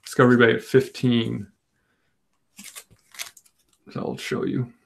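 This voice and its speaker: A man's voice: mid-range voice, monotone, slow pace, creaky, slight background noise. A man hosting a casual live comic book auction, rambling and self-deprecating, joking as he goes. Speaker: comic shop auction host.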